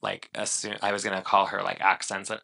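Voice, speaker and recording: A man's voice: deep voice, completely flat delivery, a little fast, vocal fry, sharp tone. A man co-hosting a podcast in casual chat, rambling with lots of fillers and restarts. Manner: chatty, rambling with many fillers. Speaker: podcast co-host.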